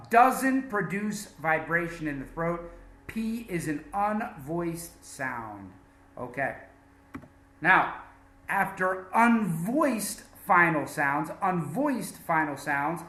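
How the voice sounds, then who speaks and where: Slow, bright-voiced male English teacher. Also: high voice, roomy sound. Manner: slow, deliberate drilling with emphatic repetitions. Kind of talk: English pronunciation lesson.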